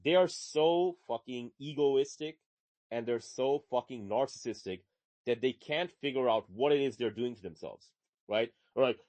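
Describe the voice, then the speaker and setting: A man co-hosting a casual live audio chat, ranting in a profane, animated way. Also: mid-range voice, unhurried, no echo. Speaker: podcast co-host.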